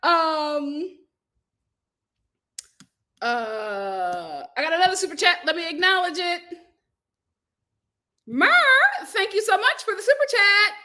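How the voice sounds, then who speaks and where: A woman's voice: very high voice, lively intonation, slow, pauses often, pushed and bright. A woman hosting a casual livestream, reading viewer comments aloud and laughing often as she answers them. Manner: laughs often, talks back to chat. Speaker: host reading live chat.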